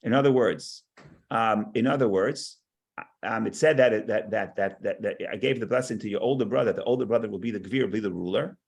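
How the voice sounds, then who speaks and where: A man's voice: fairly low pitch, a little fast, vocal fry. Man teaching a text study class. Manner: explanatory, repeats words as he thinks, reads verses aloud.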